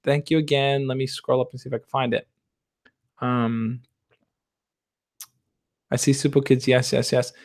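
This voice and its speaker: A young man hosting a livestream, reading out viewer questions and answering them in a relaxed, reassuring way. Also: medium pitch, moderate pace, long pauses. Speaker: dating advice host. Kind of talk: casual livestream chat.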